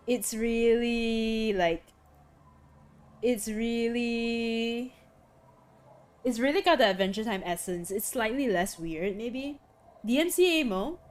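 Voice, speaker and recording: A woman game streamer chatting casually with her viewers in a bubbly, giggly way, full of "like" and little laughs. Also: medium pitch. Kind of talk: casual live-stream chat.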